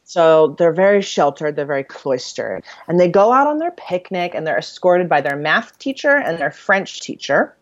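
A woman's voice: lowish voice, big pitch swings, moderate pace, hardly any pauses, dry recording. A woman co-hosting a podcast in casual chat, summarizing a story in a rambling way with fillers and laughs. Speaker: podcast co-host. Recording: dull, lo-fi dry recording.

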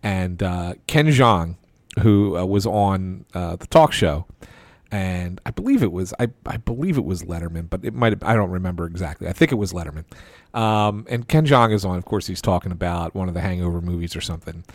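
A man's voice: sits low, lively intonation, brisk, dry recording. A man hosting a sports podcast, telling a long anecdote in a casual chatty way, full of restarts and quoted dialogue. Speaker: podcast host. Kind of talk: casual storytelling.

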